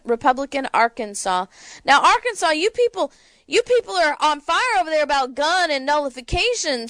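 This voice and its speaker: A woman's voice: sits high, a bit bright, no room sound. A woman hosting a political talk show, delivering sarcastic, indignant commentary.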